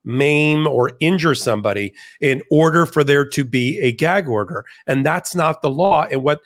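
Animated man explaining law, somewhat high. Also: moderate pace. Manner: animated, argumentative explaining with frequent restarts. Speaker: legal commentator guest. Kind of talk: conversational interview.

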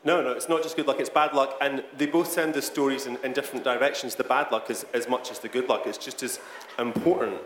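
A man's voice: mid-range voice, steady tone, fast, a bit bright, slight background noise. A Scottish man from Britain interviewing an author onstage, playful and prone to restarts. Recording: roomy echo, long hall reverb.

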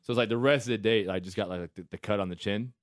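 A man's voice: lowish voice, fast, no room sound, studio quality. A man, a podcast co-host telling jokey stories in casual chat. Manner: joking, storytelling, laughing often.

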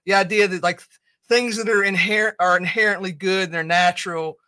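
A man's voice: high voice, fairly even intonation, fairly quick, pushed and bright, dry recording, studio quality. A man chatting casually as a podcast guest, hesitant and full of restarts. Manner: hesitant, many restarts, laughs often. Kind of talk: casual chat.

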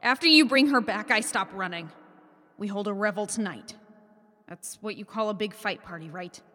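A defiant changeling. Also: female voice, medium pitch, normal speed, in a large hall. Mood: bargaining. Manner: blunt, sharp-tongued, profane. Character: defiant young changeling woman, bargaining. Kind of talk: audio drama acting.

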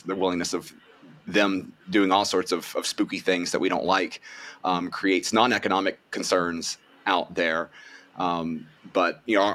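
A man's voice: low-pitched, fairly bright tone. A man hosting a podcast, asking a long, rambling question full of "you know". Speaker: podcast host. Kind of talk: podcast discussion.

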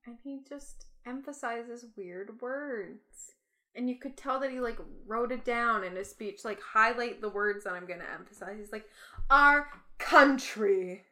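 A young Canadian woman co-hosting a podcast in casual chat, sarcastic and quick to laugh. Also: fairly high pitch, bright, forceful tone. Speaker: podcast co-host.

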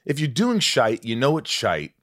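A man's voice: mid-range voice, moderate pace. A man hosting an interview, asking probing questions and telling his own stories in a casual chat. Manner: probing, lively questioner and storyteller. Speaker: podcast host, actor.

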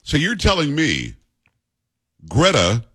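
Blunt, husky-voiced male talk radio host. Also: fairly high pitch, wildly swooping pitch, takes it slowly, a bit bright. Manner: blunt, joking, self-mocking. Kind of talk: opinionated talk radio banter.

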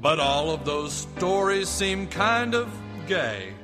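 High cartoon poo guy singing slow, big music behind. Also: sing-song, heavily acted. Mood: jolly singing. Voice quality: high sing-song cartoon voice. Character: cheerful singing Christmas poo. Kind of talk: cartoon Christmas song. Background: loud cartoon music.

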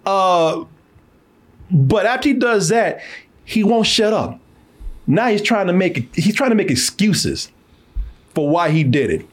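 A man hosting a comedy podcast, riffing on cartoon clips with constant laughter and swearing. His voice is very high and jumps around animatedly. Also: expressive, measured pace, long pauses. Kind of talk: comedic commentary.

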